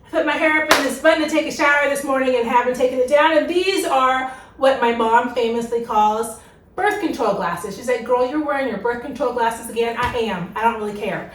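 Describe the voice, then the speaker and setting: A middle-aged woman chatting excitedly in a casual home makeover vlog, recorded indoors at her home. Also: high voice, fairly quick, roomy sound.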